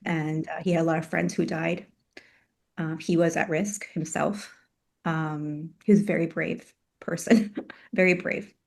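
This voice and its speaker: A woman guest and author telling a personal story in an interview, reflective, with many pauses and fillers. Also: low voice, level tone, vocal fry, a little mellow. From Chile.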